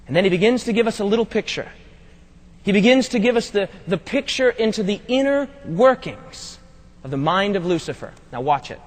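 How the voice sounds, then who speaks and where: A man with a strikingly high voice preaches a sermon, often pausing to ask the congregation to fill in a word. His delivery swings from loud, urgent emphasis to low, hushed tones. The sound carries a long reverb, as if recorded in a large hall. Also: lively intonation. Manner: call-and-response questions to the congregation.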